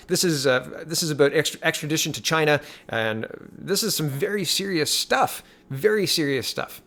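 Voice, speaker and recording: Guy doing political commentary, fired up, reads tweets out loud, slightly high voice. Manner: animated, indignant, reads tweets aloud.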